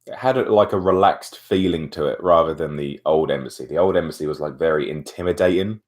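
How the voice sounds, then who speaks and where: Low-voiced young man telling a story. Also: a little fast. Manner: chatty, animated retelling with asides. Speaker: vlogger. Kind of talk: casual storytelling to camera.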